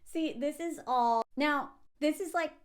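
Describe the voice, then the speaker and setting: A woman giving casual reaction commentary on a TV scene, animated and laughing often as she acts out quotes. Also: sits high, unhurried.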